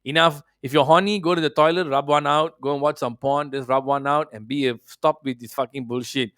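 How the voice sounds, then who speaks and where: A man rants about football on his podcast with brash, profane energy, sometimes putting on mocking voices. His voice sits a little high. The sound is dry and close, with no room around it. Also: steady tone, brisk, fairly bright tone, dry recording. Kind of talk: casual opinionated rant.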